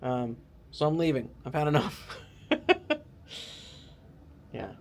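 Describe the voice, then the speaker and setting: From a hotel room, a travel vlogger talks casually to the camera in a slow, mid-range voice with a darkish tone. He rambles and pokes fun at himself, packing his speech with "like" and other fillers, and there's a little hiss or hum on the audio.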